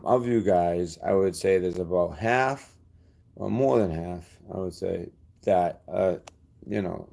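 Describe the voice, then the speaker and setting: A man talks to his channel's viewers in a very deep voice with a gravelly edge. He rambles, going off on side tracks, and speaks his mind bluntly and defiantly. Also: dark tone. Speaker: channel host. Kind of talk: casual vlog talk to subscribers.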